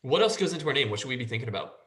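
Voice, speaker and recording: A man's voice: medium pitch, very animated, very fast, fairly bright tone. A man hosting a casual school podcast, prompting the group with questions and laughing easily. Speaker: podcast host guiding discussion.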